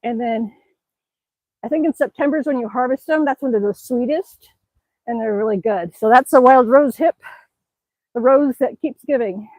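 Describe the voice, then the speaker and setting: A woman's voice: a little high, normal speed, pauses often, a little mellow, no room sound, poor audio. Breathless cheerful woman streaming outdoors. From Alaska. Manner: chatty, cheerful, exclaiming often. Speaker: livestreaming vlogger. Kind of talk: casual live-stream chat. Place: outdoors, by an exercise bike.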